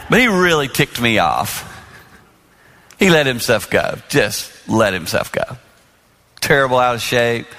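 A man in his sixties preaching on marriage to a large audience, telling stories and acting out the dialogue. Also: medium pitch. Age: 60s. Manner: animated storyteller acting out dialogue. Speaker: pastor. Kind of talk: sermon on marriage. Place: large hall before an audience. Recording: long hall reverb.

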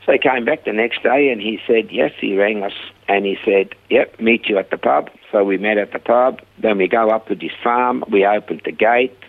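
A man's voice: on the low side, normal speed, vocal fry, phone-quality sound. An older man with a Swiss accent, telling his life story in an interview and acting out the dialogue. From Switzerland.

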